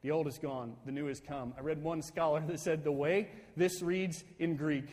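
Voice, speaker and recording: A man preaching a sermon as pastor, building to excited, emphatic bursts and tagging points with "right?". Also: fairly high pitch, normal speed, in a large hall. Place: church sanctuary.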